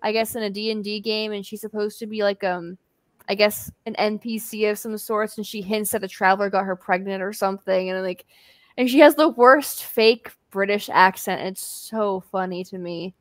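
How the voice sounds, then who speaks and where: A woman's voice: medium pitch, steady tone, normal speed, dry recording. A woman guest on a podcast, rambling through a story with lots of "like" fillers. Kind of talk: casual group chat.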